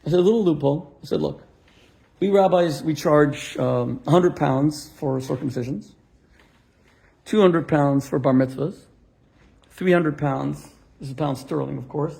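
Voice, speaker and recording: Gravelly, animated rabbi telling a story. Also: male voice, on the high side, a little slow, pauses often. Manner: animated storyteller acting out both sides of a dialogue, punchlines with laughs. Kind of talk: storytelling sermon to a live audience.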